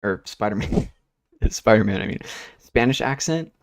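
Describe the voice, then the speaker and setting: A man's voice: fairly low pitch, animated, normal speed, no room sound, studio quality. A young man streaming, chatting casually and rambling while he works, with easygoing talk and casual swearing. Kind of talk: casual chat while working.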